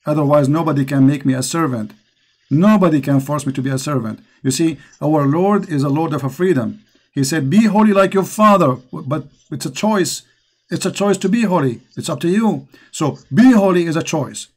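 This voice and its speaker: A man's voice: on the high side, moderate pace, a little mellow, slightly rough. A man with an Arabic accent, hosting a call-in religious show and preaching with passion. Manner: impassioned, preaching. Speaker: host.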